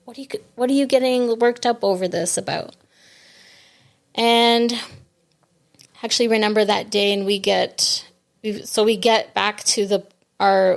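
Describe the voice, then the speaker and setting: A grieving woman telling a personal story in an interview, reflective and halting, with many restarts. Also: medium pitch, gravelly. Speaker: podcast guest. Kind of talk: conversational interview.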